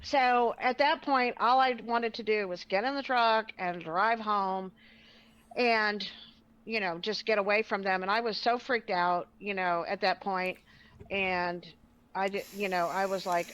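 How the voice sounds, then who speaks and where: A woman telling a personal story in casual chat, animated and acting out the voices of people she quotes. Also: mid-range voice, unhurried, clean tone. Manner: animated, acts out quoted voices, laughs often. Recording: muffled, lo-fi audio.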